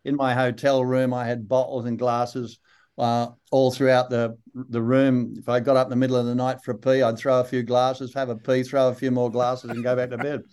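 Broad Australian older man, smooth voice. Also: medium pitch, flat delivery, a little mellow. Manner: unhurried, rambling storyteller with many fillers. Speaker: actor guest. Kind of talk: relaxed interview anecdotes.

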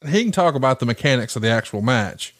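Lively Southern man from Alabama. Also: mid-range voice, quick pace. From Alabama, USA. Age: middle-aged. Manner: enthusiastic, teasing, profane. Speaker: podcast co-host. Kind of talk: casual wrestling podcast chat.

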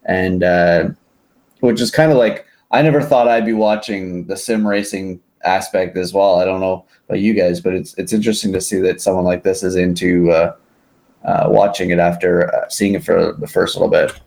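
Low-voiced man, rambling podcast chat. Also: fairly even intonation, moderate pace, creaky, darkish tone. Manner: rambling with many fillers and restarts. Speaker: podcast co-host. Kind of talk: casual chat.

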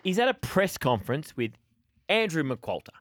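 A man's voice: a little high, sing-song, normal speed, a bit bright, no room sound, clean studio sound. A man with an Australian accent hosting a sports radio show, teasing his co-hosts in casual banter.

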